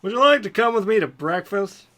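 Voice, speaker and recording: A man voicing an eager schoolboy wizard in a smooth, radio-like voice for a comedic fanfiction reading. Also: sits high, animated, a little fast, a bit bright, voice pushed up.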